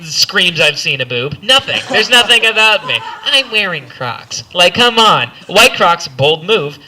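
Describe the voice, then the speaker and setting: A man's voice: a little high, sharp tone. A young man doing stand-up in a rambling, self-deprecating way, full of stumbling restarts. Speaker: stand-up comedian. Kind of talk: stand-up set. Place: comedy club stage.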